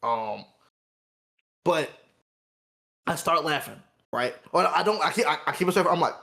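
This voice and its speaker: Animated storytelling man, a bit high-voiced. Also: a little slow, vocal fry. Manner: animated, acts out customers' voices, swears a lot. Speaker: podcast co-host; resort cashier telling a work story. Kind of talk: casual storytelling chat.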